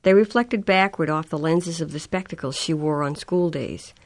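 A woman reading a novel aloud as audiobook narration. Her voice sits fairly low, and she tells the story in a measured, even way. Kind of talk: scripted narration.

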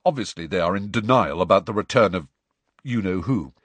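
A man's voice: low voice, lively intonation, brisk, breathy edge, no room sound. A man voicing a self-important teenage schoolboy who speaks in a pompous, declaiming way.

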